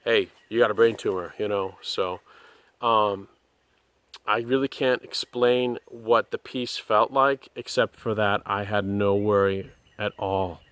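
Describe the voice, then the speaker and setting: A man sharing a personal testimony, speaking earnestly and haltingly with many pauses and restarts. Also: lowish voice, fairly even intonation, a bit bright, clean tone, no room sound.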